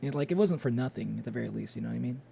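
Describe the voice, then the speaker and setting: A man's voice: mid-range voice, animated, rapid-fire, gravelly, dark tone, slight background noise. A man streaming a game, chatting casually and rambling with lots of fillers and little chuckles. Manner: rambling, many fillers and restarts, chuckles often.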